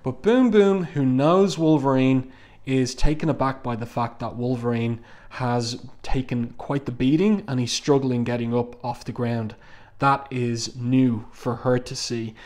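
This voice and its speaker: A man giving a measured, panel-by-panel review of a comic book, pausing often with "um". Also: medium pitch, fairly even intonation, a little mellow. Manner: measured, thoughtful, frequent "um" fillers.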